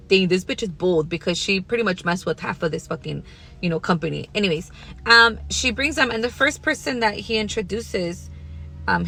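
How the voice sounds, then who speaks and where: A woman's voice: medium pitch, vocal fry, pushed and bright, husky. A young woman telling a casual workplace storytime in a blunt, profane, second-person way.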